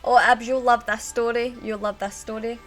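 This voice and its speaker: A woman's voice: on the high side, flat delivery, moderate pace, soft background music. A woman with a Scottish accent chatting on a live stream, telling a rambling story and greeting her chat viewers as she goes.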